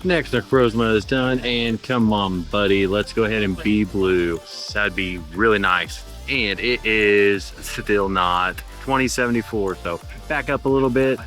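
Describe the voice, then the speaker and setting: Man, low voice, casual gameplay commentary, upbeat and chatty, faint music behind. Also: a little slow, few pauses, fairly bright tone. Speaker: game channel host.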